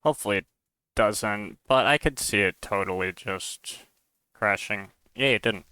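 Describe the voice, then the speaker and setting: A man's voice: lowish voice, unhurried, bright, forceful tone, clean tone, no room sound. A man streaming as he tests his own game mod, thinking aloud in a casual, musing way and often unsure of what he sees. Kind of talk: casual live-stream commentary while testing a game mod.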